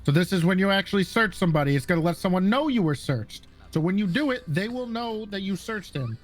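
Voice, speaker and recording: A man's voice: sits high, lively intonation, fast talker. A man instructing police recruits in a roleplay game, talking casually and checking in with "okay" and "right" after each point.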